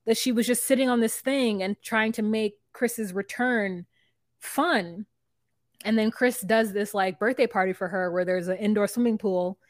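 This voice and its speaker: A woman co-hosting a casual podcast about a reality TV show, animated and swearing, often acting out what people said. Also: medium pitch, normal speed, no echo, clean studio sound. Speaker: podcast co-host. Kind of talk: casual reality TV recap chat.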